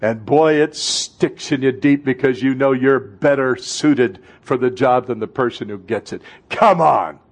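A man in his sixties preaching a sermon to a congregation in a church, impassioned, swinging between fervent outbursts and hushed, intimate moments. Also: medium pitch, a little slow, few pauses. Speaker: pastor.

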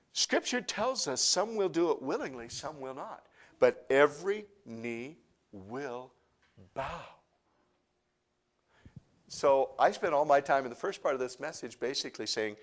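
A male pastor delivering a sermon. He works through rhetorical questions and builds to loud, emphatic peaks. Then he falls back to a quiet, confessional tone. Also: a little high.

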